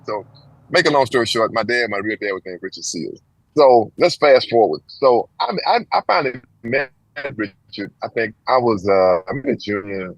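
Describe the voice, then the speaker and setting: A man's voice: normal speed, no room sound, rough recording. A man in his sixties from Texas, telling a long personal story as an interview guest and acting out the voices of the people in it. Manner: animated storyteller, acts out quoted voices with big pitch jumps.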